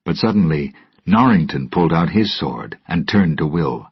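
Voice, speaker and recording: Storybook narrator: man, deep and raspy, slow and deliberate, dry lo-fi sound. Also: expressive, no echo. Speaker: storybook reader. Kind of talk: graded-reader story narration for English learners. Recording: dull lo-fi recording.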